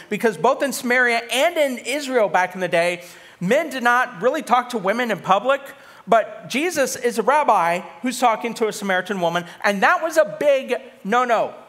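A pastor, a man with a noticeably high voice, delivers a sermon in a loose, conversational way. He talks straight to the congregation and slips in humorous asides between the readings. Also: a bit bright.

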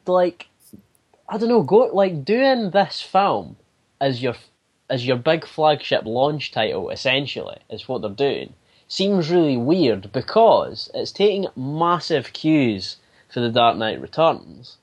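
A man on a podcast as a guest chats casually, offering opinions while thinking aloud and hesitating. His medium-pitched, slightly rough voice is very animated but unhurried, moving at a slow pace.

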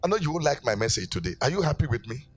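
A man's voice: fairly high pitch, very animated, racing, husky. A middle-aged man preaching a sermon as pastor, telling stories with energy and calling out to his congregation in rising, sing-song exhortations. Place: church.

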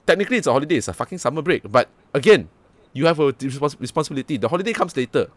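A young man with a Malaysian English accent, hosting a casual podcast chat, blunt and animated, swearing freely. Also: fairly high pitch, rapid-fire, no room sound. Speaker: podcast host.

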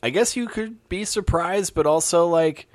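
A man's voice: high voice, no room sound. A man co-hosting a podcast, chatting casually and laughing along with the others. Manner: laid-back, laughs along, quick agreeing replies. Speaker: podcast co-host. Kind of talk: casual chat.

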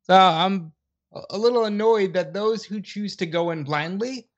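A man's voice: high voice, normal speed, muffled recording. A man co-hosting a casual podcast chat, blunt and opinionated with a frustrated edge. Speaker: podcast co-host.

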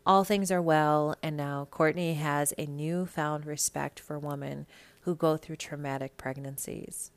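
A woman from Minnesota hosts her gossip podcast in a low voice with plenty of vocal fry. She is blunt and sassy and swears freely. Her talk runs as a loose, casual monologue. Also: steady tone, measured pace. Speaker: podcast host.

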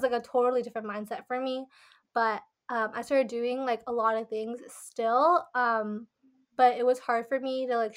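A young woman with a somewhat high voice speaks in hesitant casual chat, leaning on "like" and "um" as she goes. The talk is loose and personal among friends. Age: young adult. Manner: hesitant, filler-heavy.

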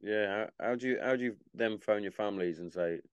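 A man's voice: fairly low pitch, fast, smooth, dry recording, dull audio. A man hosting a podcast, prompting his guest in casual chat and swearing casually. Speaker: podcast host.

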